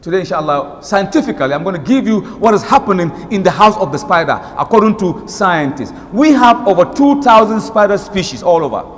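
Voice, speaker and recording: Nigerian male preacher, high lively voice, emphatic delivery, hall echo. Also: brisk, few pauses. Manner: animated, emphatic, switches into recited Arabic verses. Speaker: Islamic preacher. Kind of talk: sermon. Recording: long reverb of a hall.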